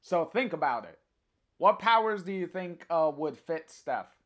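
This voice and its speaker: Slow, hesitant livestreamer reading a comic. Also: mid-range voice, expressive, lo-fi sound. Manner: hesitant, with frequent filler sounds; chatty asides to the viewers. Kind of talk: reading a comic aloud on stream.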